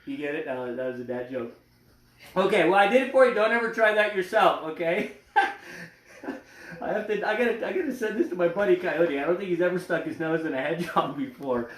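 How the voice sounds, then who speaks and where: Man, animal show host, playful and jokey, lively pitch, echoey room. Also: a little fast. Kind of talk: educational animal demonstration. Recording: roomy echo.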